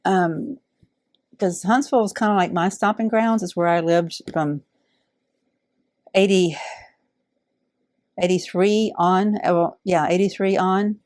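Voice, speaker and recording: A middle-aged woman, warmly unboxing donated fabric in heartfelt, awed casual chat. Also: fairly low pitch, fairly even intonation, a little slow, long pauses, no room sound, studio quality. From Alabama. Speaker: quilting channel host.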